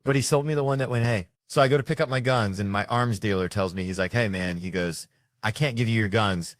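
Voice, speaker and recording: A man with a fairly low voice spins rambling, profane comic anecdotes and voices the other people in them. The sound is dry and close, with almost no room in it. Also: quick pace, no room sound. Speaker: comedian telling stories. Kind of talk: stand-up storytelling.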